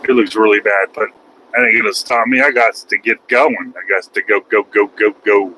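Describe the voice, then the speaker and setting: Folksy trucker man with a bright voice. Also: on the low side, steady tone, moderate pace, a little hiss or hum, poor audio. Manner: folksy, rambling, self-mocking. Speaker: truck driver vlogger. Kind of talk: casual driving vlog. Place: truck cab on highway.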